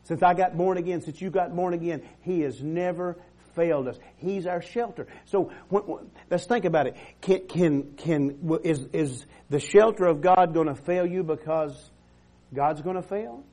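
Male pastor, middle-aged, fervent sermon, call-and-response, slightly high pitch. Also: normal speed, mellow. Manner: preaching with call-and-response, frequent amens and restarts.

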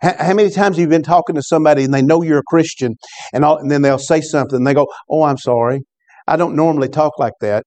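Mellow-voiced preaching man, fairly high. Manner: preaching with call-and-response asides. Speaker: pastor. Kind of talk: sermon.

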